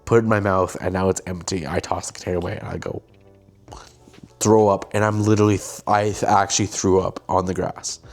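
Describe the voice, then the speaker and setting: A young man hosting a casual show, telling a story with animated delivery and acting out what people said. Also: low-pitched, a little fast, creaky, faint music behind. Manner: animated, acts out quoted lines. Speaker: host, filmmaker.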